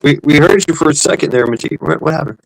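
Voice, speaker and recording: A man's voice: a little high, animated, fast, creaky, dry recording, poor audio. A man co-hosting a casual live stream, rambling and joking with crude humor. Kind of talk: casual chat.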